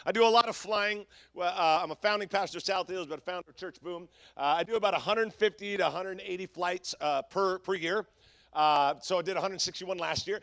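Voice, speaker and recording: Middle-aged male pastor, high bright voice, lively storytelling sermon. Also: a little fast, creaky, no room sound. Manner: storytelling, animated and humorous.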